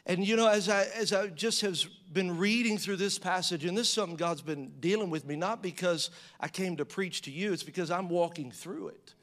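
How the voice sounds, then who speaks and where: A man preaching a sermon in a conversational style, asking the audience rhetorical questions and acting out quotes with rising pitch and volume. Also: fairly quick, hardly any pauses, a bit bright. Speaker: pastor.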